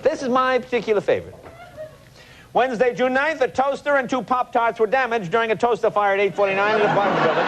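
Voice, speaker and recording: A man in his forties hosts a late-night show from a television studio, reading odd newspaper clippings aloud as a comic monologue and adding wry, mock-incredulous asides. His voice is very high-pitched and fast, with background noise and loud laughter from the live studio audience.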